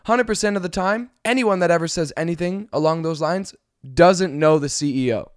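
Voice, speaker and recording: Man, casual storytime vlog, animated, swearing, slightly high voice, dry close sound. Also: moderate pace, no room sound.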